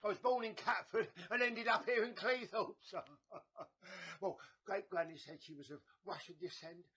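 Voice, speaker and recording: A garrulous old woman fortune teller, played by a man, talks in a high, sharp voice. She stammers, repeats herself and spins grand tales with theatrical flourish. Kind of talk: comedy sketch acting.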